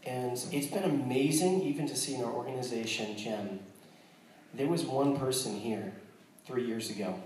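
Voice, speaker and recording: An American man shares his testimony with a congregation, earnest but quick to joke, often restarting his sentences. He sounds set back from the mic, in a hall with heavy echo. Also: mid-range voice, a little mellow, recorded from a distance, slight background noise. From United States. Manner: earnest and joking, with frequent restarts. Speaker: missionary speaking to a church.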